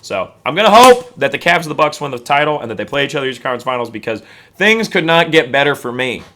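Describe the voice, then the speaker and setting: A man talking quickly in a bright, forward voice as co-host of a sports podcast. He rambles through casual chat, jokey and self-deprecating. His pitch sits in the middle of the range. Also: very animated.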